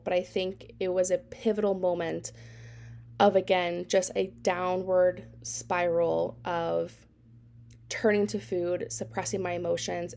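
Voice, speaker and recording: A woman's voice: on the low side, vocal fry, a little mellow, slight background noise. A woman in her thirties hosting a podcast, telling her personal story in a candid, reflective way with frequent fillers. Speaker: podcast host.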